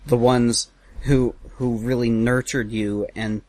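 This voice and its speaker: A man joins the conversation with blunt, joking interjections. His voice sits at a middle pitch, and the recording is dry and close. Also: flat delivery, slow, warm tone, no room sound, poor audio. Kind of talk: casual chat.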